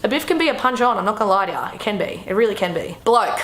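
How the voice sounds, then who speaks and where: A woman's voice: mid-range voice, expressive, very fast, fairly bright tone, reverberant, a little hiss or hum. A young Australian woman with an Australian accent, casually explaining slang in a brash, swearing, self-mocking way.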